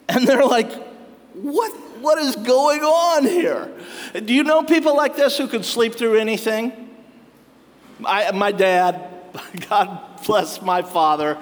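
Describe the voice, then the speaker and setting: A man with a high voice delivers a sermon at an unhurried pace, spinning stories with wry humor and laughing often. His voice rings out with a long reverb, as if in a large church hall. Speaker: pastor.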